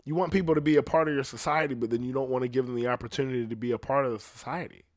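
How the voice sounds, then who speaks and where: A young man rambles on his podcast in loose, profane, offhand talk, now and then laughing at himself. His voice sits at an ordinary middle pitch. The sound is close and dry, with no room around it. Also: fairly even intonation, very fast, no echo. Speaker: podcast host. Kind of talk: casual rambling monologue.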